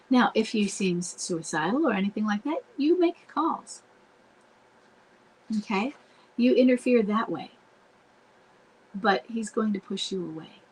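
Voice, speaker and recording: A woman's voice: medium pitch, a little hiss or hum, low-quality recording. A woman coaching spouses in a live online Q&A, talking earnestly and directly and breaking off to act out what to say. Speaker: marriage coach answering viewer questions. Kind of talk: live Q&A advice talk. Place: home, streamed live online.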